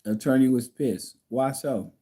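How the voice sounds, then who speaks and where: A man's voice: mid-range voice, measured pace, warm tone, husky. A man hosting a casual livestream from home, reading viewer comments and answering them bluntly, like a lecture.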